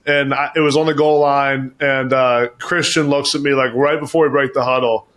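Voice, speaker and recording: A man's voice: medium pitch, little pitch movement, normal speed, a bit bright. A man in his thirties, a podcast guest, telling stories casually and restarting his sentences often. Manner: rambling storyteller, restarts and repeats phrases. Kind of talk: casual chat.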